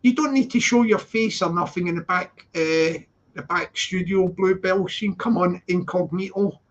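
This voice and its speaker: A man chatting casually on a live stream from his flat, repeating phrases and laughing a lot as he greets viewers. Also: high-pitched, moderate pace. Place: flat with balcony door open.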